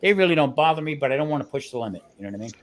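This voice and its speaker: A talkative man with a New Jersey accent, his voice sitting a little high for a man. He tells his stories with lots of energy, often stopping and starting over mid-sentence. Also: very fast. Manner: animated storyteller, restarts often. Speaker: guest cook on a grilling livestream. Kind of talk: casual chat.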